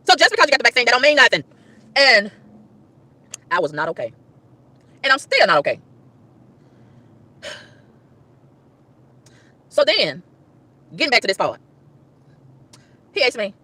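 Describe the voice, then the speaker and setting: This vlogger's animated storytelling rant, recorded in a car with no echo, comes in a slightly high, very animated voice that is pushed and bright. She speaks at a moderate pace with long pauses, exclaiming in exasperation and repeating lines to stress them.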